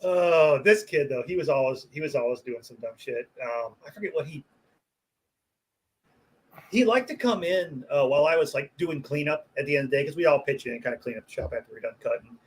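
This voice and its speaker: A man, a butcher guest on a casual podcast, telling animated, profane workplace stories and laughing along with them. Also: a little high, brisk, poor audio. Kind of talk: casual storytelling chat.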